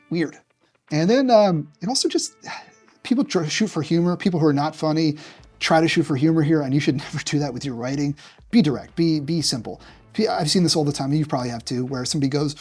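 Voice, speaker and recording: A man's voice: fairly high pitch, fast, a little mellow, slightly rough, faint music behind. A man presenting a business tutorial straight to camera, direct and punchy, acting out examples along the way. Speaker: marketing executive presenting a tutorial.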